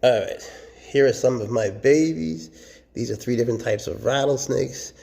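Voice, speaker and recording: A man chatting casually while he handles his snakes, cooing at them and often dropping to a hushed murmur. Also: mid-range voice, normal speed, gravelly. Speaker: snake keeper vlogger.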